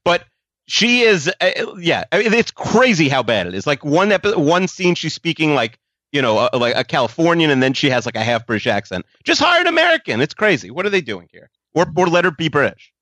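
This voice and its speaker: A man on a podcast giving his opinions in an emphatic, casual way. His pitch moves a lot as he makes his points, and the recording is dry. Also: big pitch swings, a little fast, fairly bright tone, no echo. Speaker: podcast co-host. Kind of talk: casual chat.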